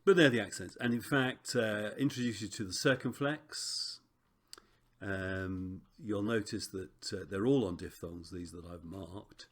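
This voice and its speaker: A man teaching a recorded Greek lesson, relaxed and chatty with frequent ums and self-corrections. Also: lowish voice, a little slow.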